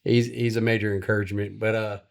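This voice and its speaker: A man hosting a casual podcast, telling a story in a folksy, animated way. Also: lowish voice, fast talker, vocal fry. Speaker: podcast host.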